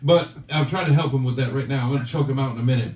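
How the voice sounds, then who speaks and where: A man's voice: mid-range voice, racing, darkish tone. Teasing man hosting a casual chat. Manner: teasing, joking banter. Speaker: channel host. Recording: roomy, distant, dull sound.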